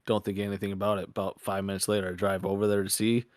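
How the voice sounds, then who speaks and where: A man's voice: fairly low pitch, flat delivery, racing, no room sound, clean studio sound. A young man co-hosting a podcast, telling rambling, profane stories in casual chat. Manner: crude, rambling storyteller, swears often. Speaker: podcast co-host.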